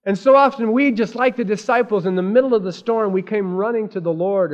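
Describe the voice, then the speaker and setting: A man's voice: sits high, fairly quick. A man preaching a sermon, telling a Bible story and acting out the disciples' frantic cries in raised voices. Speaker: pastor. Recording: dull lo-fi sermon recording.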